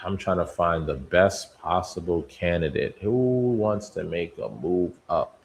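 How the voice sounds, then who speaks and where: A low-voiced man hosts a live trading stream from his desk, musing out loud and bantering with each ticker he scans. A faint hum of room ambience sits under his voice. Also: animated, measured pace, vocal fry. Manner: talks to stocks like people, musing and bantering. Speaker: day trading stream host. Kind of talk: live market commentary.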